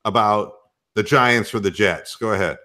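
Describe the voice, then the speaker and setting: A man's voice: on the low side, normal speed, sharp tone. A man hosting a casual sports podcast, joking and crude. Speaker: podcast host.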